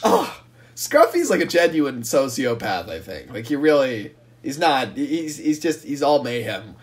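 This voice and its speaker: A man co-hosting a casual podcast, animated and rambling, laughing often as he riffs on ideas. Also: mid-range voice, normal speed. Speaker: podcast co-host. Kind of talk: casual chat.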